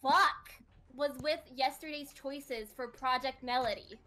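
Sassy girl calling in on a stream, high bright voice. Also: unhurried. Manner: sassy, complaining. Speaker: guest caller. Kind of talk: casual livestream call.

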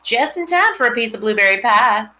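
A woman's voice: on the high side, expressive, a little fast, sharp tone, pitched above the performer's own voice. Woman reading as a stern farm wife. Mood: welcoming.

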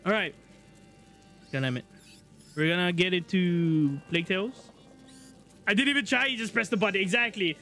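A man streaming a video game live, excitable, swearing a lot and joking with chat. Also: sits high, normal speed, long pauses, soft background music. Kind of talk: live gameplay commentary.

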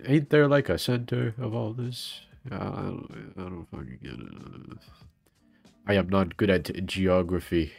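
A man's voice: low voice, a little slow, creaky, a little mellow, no echo. A young man streaming games, chatting casually and swearing as he rants in frustration. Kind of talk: casual gaming stream chat. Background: faint background music.

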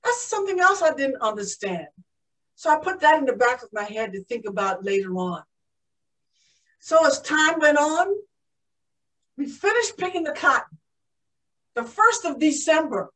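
A woman performing a pioneering woman aviator who tells of her childhood in an animated one-woman show, gasping with excitement. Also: high-pitched, moderate pace, long pauses, recorded from a distance, rough recording. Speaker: living-history performer.

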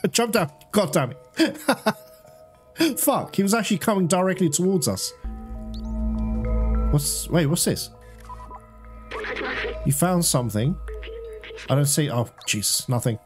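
A man giving casual let's-play commentary, chatting to his viewers, laughing and swearing often. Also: fairly high pitch. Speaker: gaming streamer.

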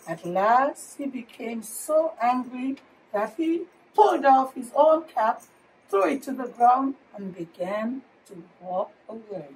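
A woman preschool teacher reading a picture book aloud to children in slow, expressive storytelling. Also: high-pitched. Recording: distant mic, faint room noise.

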